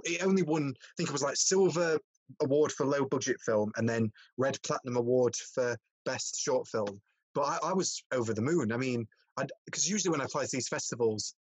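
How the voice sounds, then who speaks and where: A young man from southern England chatting at a quick clip, tripping over his words and repeating them. His voice has a slightly husky edge, and it sounds dry and close. He is a podcast host in casual talk. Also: medium pitch, no echo, rough recording. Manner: stammering, repeats words, fast-talking. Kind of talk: casual chat.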